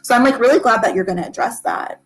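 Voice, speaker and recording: A woman's voice: on the high side, quick pace. A woman who makes online videos, chatting with lots of fillers on a video call panel. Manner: chatty, many filler likes. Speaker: content creator. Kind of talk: casual livestream panel chat.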